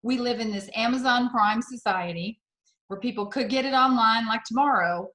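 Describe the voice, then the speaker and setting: This middle-aged woman speaks over a video call from an echoey room, her voice sitting a little high. She tells warm, enthusiastic stories as part of a motivational sales talk. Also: moderate pace. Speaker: sales director.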